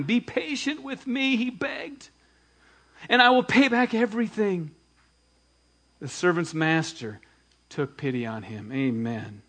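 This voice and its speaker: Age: adult. Sex: man. Role: pastor. Style: sermon. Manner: animated preaching, retelling scripture with dramatic emphasis and quiet asides. Pitch: somewhat high.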